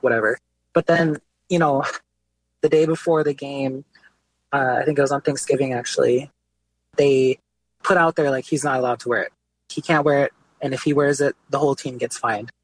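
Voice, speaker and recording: A man being interviewed as an artist, telling his story in a relaxed, casual way with many filler words. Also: medium pitch, no echo, rough recording. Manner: relaxed, lots of "like" and "you know" fillers.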